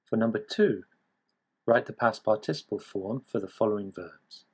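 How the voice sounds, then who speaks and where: A man narrating a scripted English grammar lesson in a measured, explanatory way. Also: lowish voice, breathy edge, poor audio. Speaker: English teacher.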